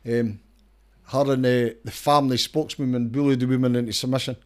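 A man's voice: medium pitch, fairly even intonation, brisk. A middle-aged man with a Scottish accent, talking as an interview guest in an emphatic way, often restarting and repeating words and checking "right?". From Scotland. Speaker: campaigner and lawyer, interview guest. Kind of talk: casual interview talk.

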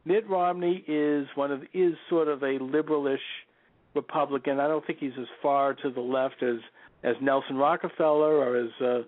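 A male radio talk show host giving a political commentary monologue, opinionated, stressing names with jumps in pitch and leaning on "you know" fillers. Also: no echo. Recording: tinny phone-like line, dry.

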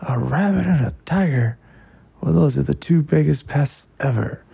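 A man voicing a blustering cowboy gunslinger in a bedtime story, with a drawling, slowed delivery. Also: a little high, lively intonation, creaky, warm tone, slightly rough, no room sound, voice pushed up, exaggerated voice. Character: blustering cowboy gunslinger, grumpy pest-hunter.

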